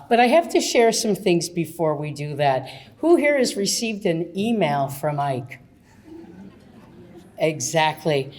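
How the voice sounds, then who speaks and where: Slow, playful woman emcee teasing a colleague before an audience. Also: lowish voice, darkish tone. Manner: playful, teasing, laughing as she talks. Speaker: emcee at an event. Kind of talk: public speech at an event. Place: event room with an audience.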